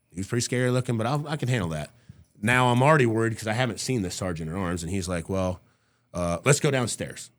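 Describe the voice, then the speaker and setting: A middle-aged man, a podcast guest, telling a story casually and vividly, acting out the people he quotes and swearing freely. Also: on the low side. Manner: casual and profane.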